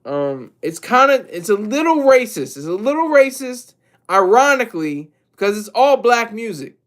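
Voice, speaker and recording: A man's voice: high-pitched, sing-song, normal speed, fairly bright tone. A man streaming live, commenting on music and answering his chat in a loose, rambling way, often repeating and correcting himself.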